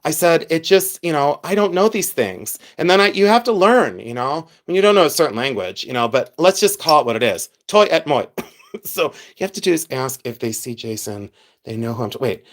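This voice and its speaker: Middle-aged man, from Ohio, livestream host, casual chat, self-mocking, lively swinging pitch. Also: a little fast. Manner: chatty, self-mocking, laughs often. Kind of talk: casual live stream chat with viewers.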